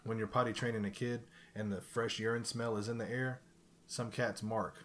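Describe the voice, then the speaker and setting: A man casually telling a profane, animated story in a chat, laughing along as he goes. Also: fairly low pitch, normal speed, crowd noise.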